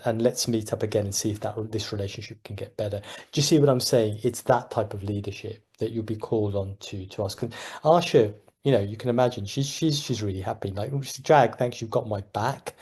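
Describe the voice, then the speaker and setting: A man with a London accent, a general practitioner giving an informal talk to fellow doctors and telling lively stories with frequent laughter. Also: fairly low pitch. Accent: London English. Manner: animated storyteller, laughs often.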